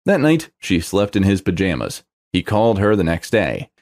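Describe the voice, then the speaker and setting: A man reading a romance story aloud in scripted narration, with an expressive delivery. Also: lowish voice.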